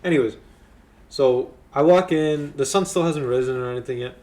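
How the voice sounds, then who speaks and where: A man hosting a podcast, telling a story in lively casual chat with slang. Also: mid-range voice, moderate pace. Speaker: podcast host.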